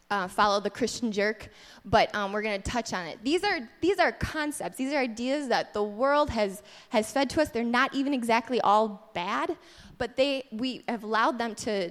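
A woman with a fairly high voice teaches a casual sermon in a candid, self-deprecating way. Her words ring with a long hall reverb, as in a church sanctuary.

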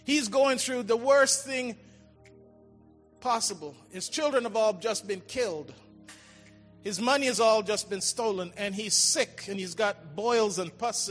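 A man preaching a sermon with a high, bright voice. His delivery swings from ringing calls down to hushed, drawn-out lines. His voice rings through a large hall with a long echo, and soft music plays underneath. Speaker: pastor.

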